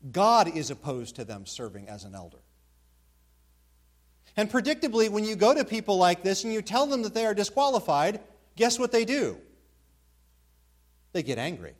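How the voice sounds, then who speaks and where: A man with a high-pitched voice preaches to his congregation. He leans hard on key words and repeats them for emphasis. He asks the church rhetorical questions as he teaches. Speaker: pastor. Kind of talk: expository sermon.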